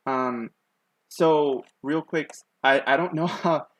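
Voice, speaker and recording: A man's voice: on the high side, slow, fairly bright tone, dry recording, rough recording. Young man, slithery lisp on his S's, rambling live-stream chat, dry close sound. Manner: rambling, many ums and likes, self-conscious.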